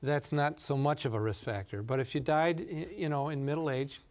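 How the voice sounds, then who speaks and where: A man who is a doctor answers viewer health questions on a talk show, speaking in a measured, halting, explanatory way. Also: on the high side, steady tone. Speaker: doctor guest.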